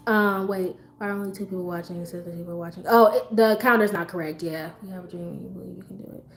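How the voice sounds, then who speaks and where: A woman's voice: on the low side, fairly even intonation, fast, hardly any pauses. A woman hosting a livestream, telling a story casually and animatedly, swearing and bursting into laughs. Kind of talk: casual storytime chat to a live audience. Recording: echoey room with faint background noise.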